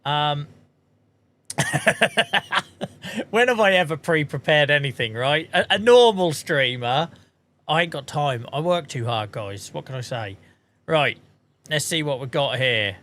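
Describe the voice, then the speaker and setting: A man's voice: on the high side, animated, slow, long pauses, pushed and bright. A man streaming a game, chatting casually in a self-mocking way and swearing casually now and then. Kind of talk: casual livestream chat.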